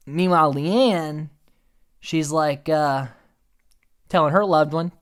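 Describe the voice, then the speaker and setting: A man giving a casual, animated recap commentary, chatty and laughing often. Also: fairly high pitch, normal speed, clear, resonant tone. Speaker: show recap host.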